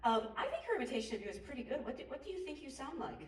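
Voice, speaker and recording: A woman's voice: high voice, big pitch swings, very fast. A woman moderating a panel Q&A, enthusiastic and chatty. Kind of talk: hosting a panel Q&A. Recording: roomy hall, distant mic, faint noise.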